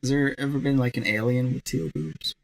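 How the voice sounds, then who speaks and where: A man's voice: mid-range voice, fairly even intonation, fairly quick, vocal fry. A young man co-hosting a let's play, chatting casually and joking, often laughing as he rambles. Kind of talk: casual gameplay chat. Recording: faint game music behind.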